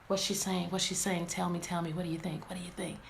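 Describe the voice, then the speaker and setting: A woman teacher reading a picture book aloud to her class, animated and asking many questions. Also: fairly low pitch, quick pace, gravelly. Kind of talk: interactive read-aloud lesson. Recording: echoey room, faint background noise.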